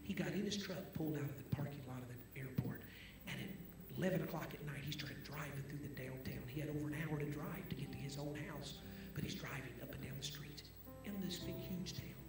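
A man preaching a sermon as a guest preacher, telling stories dramatically and moving between hushed whispers and loud proclaiming. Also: mid-range voice, fairly quick. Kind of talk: sermon storytelling. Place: church sanctuary. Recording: echoey church with music behind.

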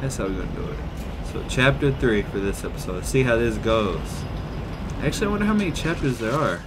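Jumpy, excitable male gamer. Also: mid-range voice, quick pace, noisy background. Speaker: gaming video host. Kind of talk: casual let's-play commentary.

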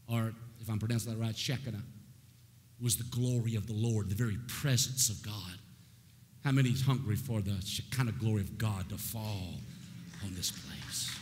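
A male pastor with a lowish, slightly rough voice preaches a sermon, posing questions to the congregation. He builds into a chanting, sing-song cadence, his emphasis approaching a shout.

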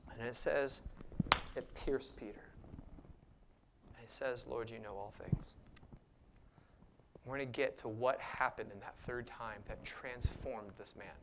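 Passionate male preacher, loud and hushed. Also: mid-range voice, steady tone, measured pace, background noise. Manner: passionate, swings from loud emphatic bursts to hushed asides; sarcastic mock voices for points. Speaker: pastor. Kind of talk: sermon.

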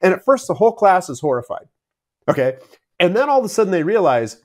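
A man's voice: high-pitched, big pitch swings, quick pace, a little mellow. Chuckling male entrepreneur telling stories. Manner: storytelling, chuckles often. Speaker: entrepreneur guest. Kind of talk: casual interview chat.

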